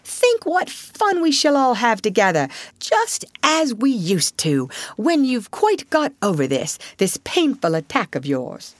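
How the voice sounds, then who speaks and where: A woman's voice: fairly high pitch, very animated, unhurried, few pauses, dry recording, voice pushed up. A woman doing a wary, kindly water rat. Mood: dubious, coaxing. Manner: dubious, coaxing.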